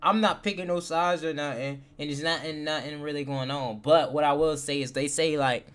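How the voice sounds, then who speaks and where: A man's voice: a little high, steady tone, moderate pace, smooth. A man streaming live and reacting to a clip in casual chat, rambling and thinking aloud with filler words. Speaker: livestreamer.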